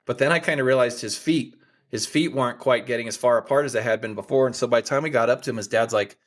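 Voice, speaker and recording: With a fast, medium-pitched voice, a hunting guide and outfitter from America, in his forties, shares a story as a podcast guest. He's an animated storyteller, casually chatting and acting out the quoted voices.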